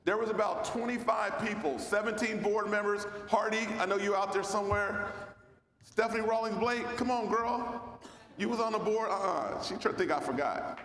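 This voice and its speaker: A man's voice: high-pitched, moderate pace, a bit bright. A man, a former mayor, giving a loose, folksy speech at a luncheon and calling out to the crowd. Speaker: founding mayor and speaker. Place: large banquet hall. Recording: echoey hall with long reverb.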